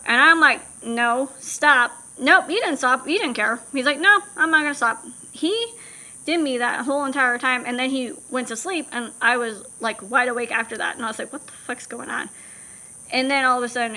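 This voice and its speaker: A woman's voice: fairly high pitch, pushed and bright, slight background noise. A woman vlogger candidly telling a personal story, blunt and swearing, acting out what people said.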